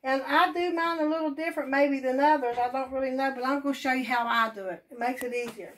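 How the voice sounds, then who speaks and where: A woman's voice: high voice, steady tone, quick pace, far from the mic. A woman with an Appalachian accent, hosting a home cooking show, chatting casually and rambling while she cooks in her kitchen.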